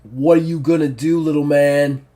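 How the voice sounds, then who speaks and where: A man's voice: a little high, steady tone, normal speed, warm tone, lightly acted. A man playing a brutish bull mutant bully. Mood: taunting. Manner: boastful, taunting growl. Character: hulking male bull mutant, brutish and vengeful.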